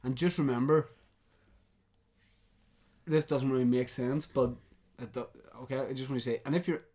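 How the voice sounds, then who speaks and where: A man co-hosting a podcast, calmly briefing his partner for a prank call with dry jokes. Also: medium pitch. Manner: deliberate, joking, setting up a prank. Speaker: podcast co-host. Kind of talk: casual chat.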